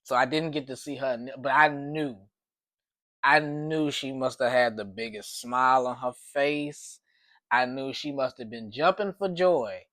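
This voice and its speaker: A man's voice: medium pitch, unhurried, bright, forceful tone, no echo. A man telling a personal story in a casual, rambling way, with frequent restarts and repeated words.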